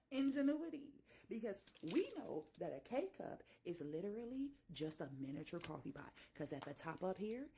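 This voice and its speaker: A woman's voice: fairly high pitch, noisy background. A woman vlogger delivering an exasperated, profane, dramatic rant to camera from her home kitchen.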